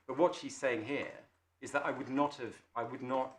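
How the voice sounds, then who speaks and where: Male barrister, formal, measured submissions; echoey courtroom. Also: mid-range voice, fairly even intonation. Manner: measured, formal, with small restarts. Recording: echoey courtroom, faint noise.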